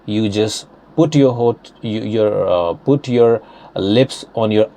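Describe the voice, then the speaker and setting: A man with an Indian English accent leads an English pronunciation lesson, reading words one at a time and repeating them for practice. His voice sits a little low, with a soft, mellow tone. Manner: slow, deliberate word-by-word drilling with repetitions.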